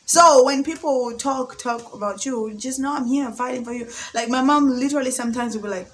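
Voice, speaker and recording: A woman's voice: high-pitched, a little fast. Emotional young woman vlogger from Zambia. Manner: chatty, emotional, laughs often, fills with "like". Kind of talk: casual confessional vlog.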